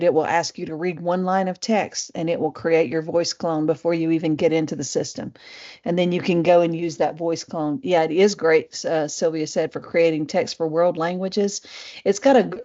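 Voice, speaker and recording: Middle-aged Southern Appalachian woman, webinar presenter, chatty and low-key, mellow low voice, muffled lo-fi sound. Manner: chatty, many fillers and restarts. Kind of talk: casual live webinar presentation.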